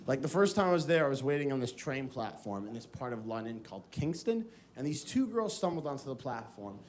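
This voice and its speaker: Animated American man doing stand-up. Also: mid-range voice, brisk, slight background noise. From United States. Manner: animated storytelling, acting out voices. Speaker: stand-up comedian. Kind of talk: stand-up comedy set. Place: comedy club stage with live audience. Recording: live stage recording, loud crowd laughter.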